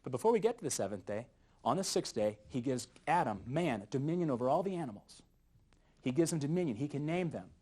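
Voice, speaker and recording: A man teaching a youth Bible study lesson in a jokey, animated way, often chuckling at his own jokes. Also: mid-range voice, fast.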